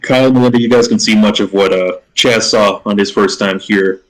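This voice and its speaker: A man narrating a tabletop role-playing game as game master, halting with frequent restarts. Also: on the low side, steady tone, poor audio. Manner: halting, many restarts and fillers.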